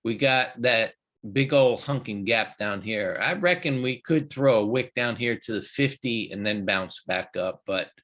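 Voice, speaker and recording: Guy hosting a trading stream, slow easygoing talk, bright voice. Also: medium pitch, animated. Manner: folksy, chatty, loose with fillers. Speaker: trading show host. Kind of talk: live market commentary.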